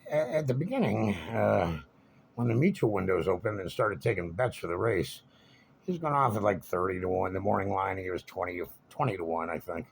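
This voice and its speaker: A man with a low, gravelly voice spins a casual story, wandering off on asides as he goes. His delivery is wry and chatty, with a faint hiss of noise underneath. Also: lively intonation, brisk. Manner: wry, meandering, conversational. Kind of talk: casual spoken anecdote.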